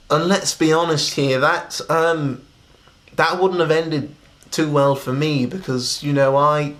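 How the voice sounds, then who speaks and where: Halting man, mock-serious. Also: a little high, fairly bright tone. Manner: halting, stammering, many restarts. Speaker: comedian telling a story to camera. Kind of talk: mock-serious comic monologue.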